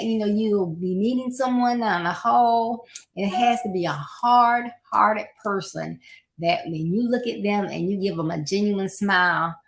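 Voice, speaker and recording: A woman's voice: medium pitch, gravelly, fairly bright tone. A middle-aged woman hosting a podcast, giving casual motivational advice and repeating her points with encouraging asides. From Florida, United States.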